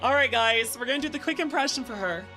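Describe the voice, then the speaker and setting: A woman's voice: fairly high pitch, quick pace, pushed and bright, faint music behind. A young adult woman streaming a game, chatting playfully to viewers; her voice sometimes cracks. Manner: bubbly, playful, chats to viewers. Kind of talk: casual live-stream chat. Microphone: headset with headphones.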